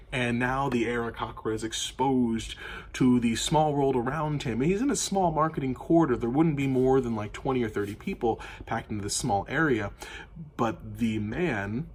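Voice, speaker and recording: A man's voice: mid-range voice, breathy edge. A man game master recapping a tabletop campaign in casual, rambling storytelling with lots of fillers.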